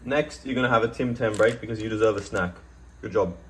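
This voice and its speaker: A man's voice: lowish voice, fast talker, fairly bright tone. A man giving a rambling, joking cooking demonstration in a home kitchen. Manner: joking, rambling, self-deprecating. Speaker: cooking vlogger.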